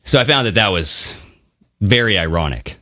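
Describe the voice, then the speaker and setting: Recorded dry at studio quality, a male podcast co-host speaks at a moderate pace in a fairly low, sharp-toned voice with lively intonation. The conversation is casual and animated, sprinkled with swearing and comic voices that mock others.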